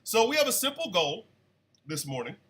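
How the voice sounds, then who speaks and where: A man hosting a casual live radio show, chatty and animated, still congested from an illness. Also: sits high, moderate pace. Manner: chatty, animated, shouts at his dogs. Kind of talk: casual livestream talk radio.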